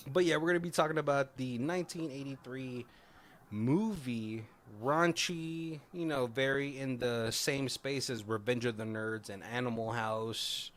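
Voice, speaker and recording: A man's voice: medium pitch, a little slow, a bit bright, slight background noise. A man hosting a podcast, chatting casually about a film in loose, run-on bursts and laughing often. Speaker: podcast host. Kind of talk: casual chat reviewing a film.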